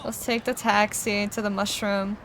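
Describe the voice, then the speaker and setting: A young woman casually commenting on a game she is livestreaming, excitable and joking, swearing freely. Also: mid-range voice, normal speed, a crowd in the background. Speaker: streamer.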